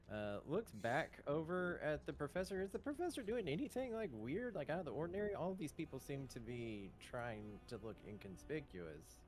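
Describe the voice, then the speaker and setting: A man's voice: mid-range voice, slight background noise. A man playing a tabletop game, describing his character casually with loose fillers. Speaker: player. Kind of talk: casual in-character play talk.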